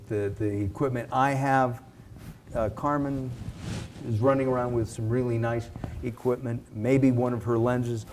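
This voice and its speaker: Man giving an animated sales pitch, slowly. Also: a little hiss or hum. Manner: animated, conversational, with filler words and restarts. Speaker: video and speaking coach. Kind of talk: live sales pitch to an audience.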